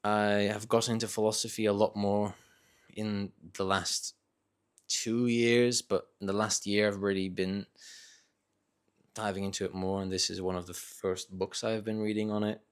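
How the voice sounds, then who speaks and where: A young man with a low voice that stays fairly flat, speaking in a casual vlog. He muses in a thoughtful, hesitant way, with pauses and restarts as he works out what he means. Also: smooth. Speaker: vlogger. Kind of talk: casual reflective talk to camera.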